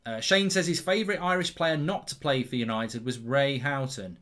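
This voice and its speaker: Excitable man commentating a live match. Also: mid-range voice, normal speed. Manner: excitable, reads viewer messages aloud, rises sharply in big moments. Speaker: football watchalong host.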